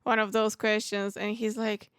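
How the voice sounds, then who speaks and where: A woman co-hosting a casual film review podcast, talking in an unhurried way with lots of hedging "likes". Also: medium pitch, little pitch movement, clean tone, no echo, studio quality. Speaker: podcast co-host.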